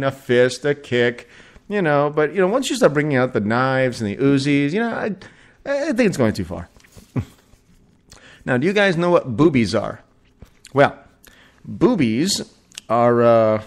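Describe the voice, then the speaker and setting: Rambling profane man in his forties. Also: medium pitch. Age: 40s. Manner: rambling, profane, frequent restarts and laughs. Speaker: podcast host. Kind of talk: casual solo podcast rant.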